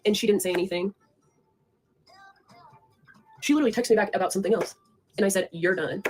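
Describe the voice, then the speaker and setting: A woman's voice: mid-range voice, fast talker, darkish tone, slight background noise. A young woman in a heated, profane, rambling rant, addressing her viewers directly and confronting people. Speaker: online creator talking to viewers.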